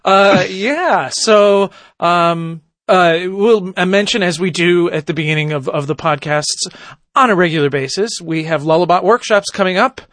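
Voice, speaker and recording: Guy hosting a podcast, kinda high voice, dry close mic, lots of uhs and restarts. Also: a little slow, a bit bright, no echo. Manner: rambling, many fillers and restarts. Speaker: podcast host. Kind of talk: casual podcast chat.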